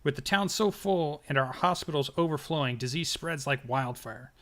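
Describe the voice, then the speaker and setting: A man's voice: a little high, moderate pace, fairly bright tone, close to an everyday voice. A man putting on a stern knight. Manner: stern, curt. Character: stern male knight commanding soldiers.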